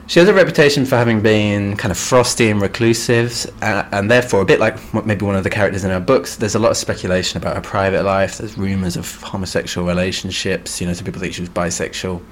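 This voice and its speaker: A man's voice: on the low side, fairly even intonation, fast talker, hardly any pauses, slight background noise. A man co-hosting a literature podcast, giving background in a dry, understated chat with wry asides. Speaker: podcast co-host.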